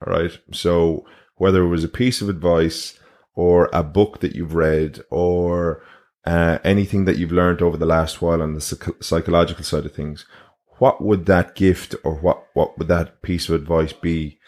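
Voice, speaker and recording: A man's voice: low voice, fairly even intonation, normal speed, a little mellow. A man hosting a podcast interview, asking rambling questions with lots of restarts. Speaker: podcast host. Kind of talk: casual interview.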